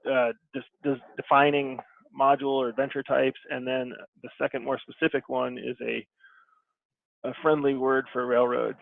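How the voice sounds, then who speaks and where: Male guest, conversational and musing, many pauses; thin phone-like audio. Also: mid-range voice, level tone, creaky, no echo. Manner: thoughtful, rambling with many pauses. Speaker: game publisher guest. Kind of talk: casual video-call conversation.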